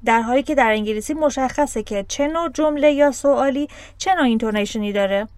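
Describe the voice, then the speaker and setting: Fast, higher-voiced woman host teaching language. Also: darkish tone. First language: Persian. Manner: explains slowly, switching between Persian and English. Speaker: podcast host and English teacher. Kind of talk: bilingual teaching podcast.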